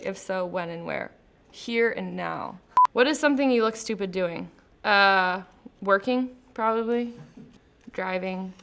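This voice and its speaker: A woman's voice: mid-range voice, gravelly, a bit bright. A woman in a casual interview, chatty and laughing easily, explaining her post-production job between light questions. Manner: chatty, laughing, filler-heavy. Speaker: post-production traffic manager, interview guest. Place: company studio.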